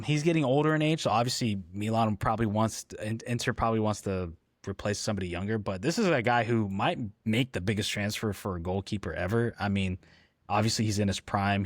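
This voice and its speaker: In a studio-quality, dry recording, a lowish male voice co-hosts a laid-back football podcast. His speech is hesitant, full of ums and false starts.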